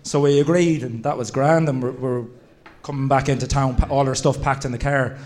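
A man, a former footballer, telling relaxed, chuckling anecdotes in casual chat. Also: medium pitch, brisk.

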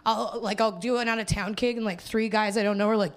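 A woman's voice: on the high side, normal speed. A woman from Winnipeg doing a stand-up set, rambling and self-deprecating, laughing as she talks. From Winnipeg, Canada. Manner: rambling, self-deprecating, with frequent laughs and put-on quoted voices. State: hungover. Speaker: stand-up comedian. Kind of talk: stand-up set before a live audience.

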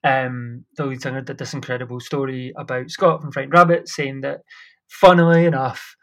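A man's voice: mid-range voice, fairly even intonation, normal speed. Chatty, enthusiastic man. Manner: enthusiastic, rambling storyteller. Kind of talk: casual chat.

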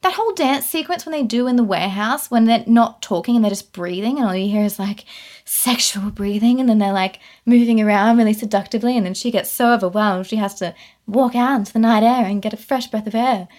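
A woman's voice: on the high side, brisk. A woman co-hosting a podcast, ranting in a casual, incredulous way about a film. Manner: animated, incredulous, ranting with laughs. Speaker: podcast co-host. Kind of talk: casual film review chat.

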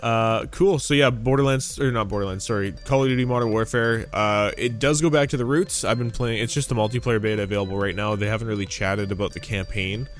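A man's voice: lowish voice, fairly even intonation, fast, hardly any pauses. A man hosting a casual gaming podcast, rambling, swearing freely and laughing often. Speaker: podcast host. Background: faint game audio and music.

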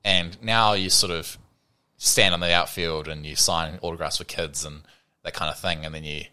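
Speaking at a moderate pace with a steady tone, a deep-voiced Kiwi cricketer in his thirties sounds pushed, bright, clear and resonant. He's a guest in a casual interview, rambling along with plenty of "you know" and "sort of" and imitating the people in his stories.

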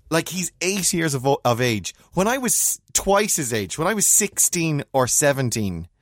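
A man, co-hosting a casual chat and telling rambling, animated stories full of restarts. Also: medium pitch, dry recording, clean studio sound. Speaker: podcast co-host.

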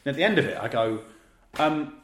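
A man with an East Midlands accent, from Leicester, co-hosting a podcast and telling a long anecdote in a lively, laughing way, with the odd swear. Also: medium pitch, a little fast, echoey room. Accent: East Midlands English. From Leicester, England. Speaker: podcast co-host. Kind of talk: casual storytelling chat.

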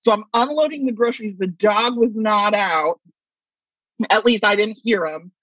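A woman's voice: medium pitch, moderate pace, a bit bright, no room sound, dull audio. A woman guest telling a story in casual conversation, laughing often as she talks. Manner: chatty, laughs often while telling stories. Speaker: guest writer. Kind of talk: casual chat, anecdote telling.

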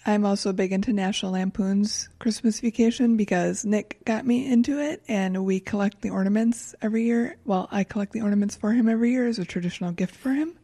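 A woman's voice: medium pitch, a little fast, hardly any pauses, dark tone, no room sound. A woman co-hosting a podcast in casual chat, talking fondly and with enthusiasm.

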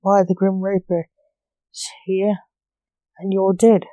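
A woman's voice: medium pitch, level tone, takes it slowly, mellow, no echo, dull audio, natural voice. A woman doing a curt, snappish man. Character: gruff, short-tempered man, sun-born sorcerer.

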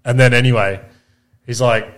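A podcast co-host and dad from Queensland, Australia, chats casually in a mid-range voice at normal speed. He tells loose, animated stories and swears freely.

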